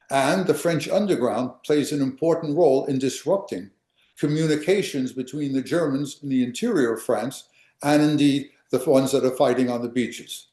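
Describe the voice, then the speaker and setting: Older guy lecturing on history, dark mellow voice, echoey room, keeps repeating himself for emphasis. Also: medium pitch. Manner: emphatic, repeats and restarts phrases. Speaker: history professor. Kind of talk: lecture with questions.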